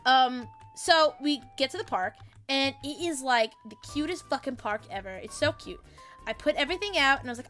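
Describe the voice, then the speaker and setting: A young woman streamer telling a story in casual chat, animated, swearing freely and laughing as she goes. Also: high voice, moderate pace, faint music behind.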